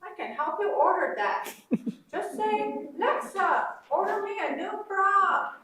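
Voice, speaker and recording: A woman's voice: extremely high pitch, animated, slow, sharp tone, slight background noise, pitched above the performer's own voice, full character voice. A woman reading a story aloud, voicing a dead mother who speaks through a smart speaker, bossy and affectionate by turns. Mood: chatty. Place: conference room. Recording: roomy hall from far off.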